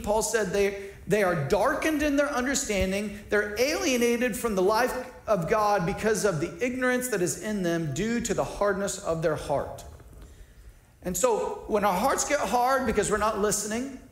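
Earnest high-voiced preacher in echoey room. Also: male voice, lively intonation, moderate pace. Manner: earnest, conversational preaching with frequent restarts and rhetorical questions. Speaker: pastor. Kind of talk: sermon.

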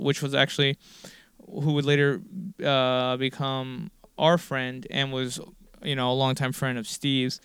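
Man in his forties, rambling interview guest, bright tone, very clear, dry room. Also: mid-range voice, flat delivery, moderate pace, no room sound. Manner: rambling, many likes and fillers, swears casually. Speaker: guest musician. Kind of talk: casual interview storytelling.

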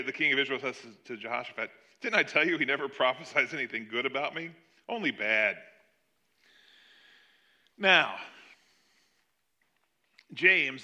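A man preaching a sermon, retelling a Bible story with animated delivery and acting out the characters' lines. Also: mid-range voice. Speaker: pastor.

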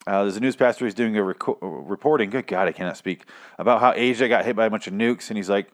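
Speaking quickly in a lowish voice, a young podcaster casually runs through a TV episode. His talk wanders, is full of swearing and verbal stumbles, and includes plenty of self-mockery.

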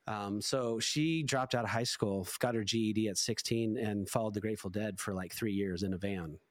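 Middle-aged man, pastor guest, loose animated storyteller, filler-heavy casual delivery. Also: fairly low pitch, brisk. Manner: animated, chatty, lots of "like" fillers.

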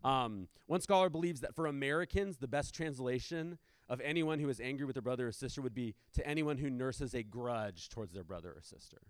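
A man's voice: mid-range voice, expressive, fairly quick, clear, resonant tone, dry recording. Male pastor, conversational sermon delivery, rhetorical asides, dry recording.

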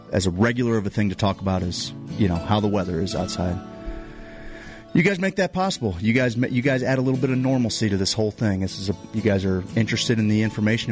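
A man hosting a casual talk show, thanking listeners in upbeat, friendly patter. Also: on the low side. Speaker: host. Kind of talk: casual chat, reading sponsor reads.

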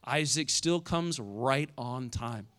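A middle-aged man preaching a sermon as a pastor, in a conversational way, often adding "right?" and swinging from loud emphasis to hushed, quiet moments. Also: mid-range voice, animated, slow.

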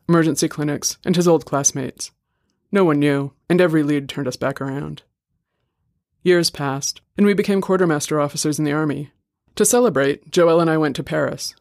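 A man reading a short story aloud in a steady, measured way. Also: a little high, dry recording, clean studio sound. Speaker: story reader. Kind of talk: scripted narration.

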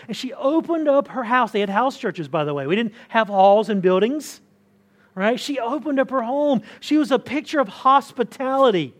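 A man preaching a conversational sermon to a church congregation, often restarting words and pressing his points with rising emphasis. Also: very high voice. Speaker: pastor. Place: church hall.

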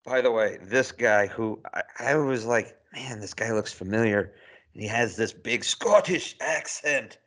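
A man's voice: lowish voice, steady tone, normal speed, fairly bright tone. A man co-hosting a casual podcast chat, making wry asides and film references. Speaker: podcast co-host.

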